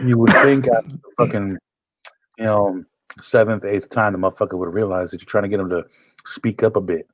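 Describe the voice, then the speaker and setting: A man's voice: lowish voice, steady tone, brisk, rough recording. A man co-hosting a comedy show, chatting in a laid-back, profane way. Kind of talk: casual comedic banter.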